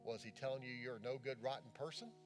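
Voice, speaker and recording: Impassioned preacher man over soft guitar. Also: medium pitch, fast talker. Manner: impassioned preaching that drops to soft, hushed prayer. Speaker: pastor. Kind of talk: sermon with altar call prayer.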